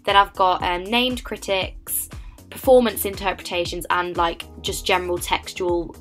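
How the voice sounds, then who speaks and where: A teenage woman with an English accent narrating a casual study vlog, chatty and animated with lots of filler words. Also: on the low side, unhurried, faint music behind. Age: late teens. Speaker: vlogger.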